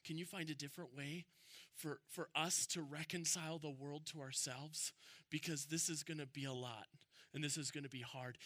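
A young man preaching a sermon, conversational and animated, building to emphatic peaks. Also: fairly high pitch, moderate pace, no echo, clean studio sound. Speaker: pastor.

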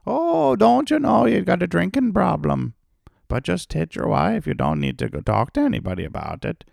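A man's voice: high voice, very animated, normal speed, creaky, darkish tone, dry recording, clean studio sound, voice pushed up, heavily acted. A man voicing a preachy old-school Irish Catholic man in a mocking, lecturing tone.

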